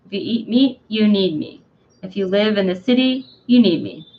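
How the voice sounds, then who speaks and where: A woman's voice: medium pitch, animated, normal speed, dull audio, slight background noise, lightly acted. A woman reading aloud as a dandelion plant that speaks of itself as a healer, listing remedies one by one. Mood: boastful.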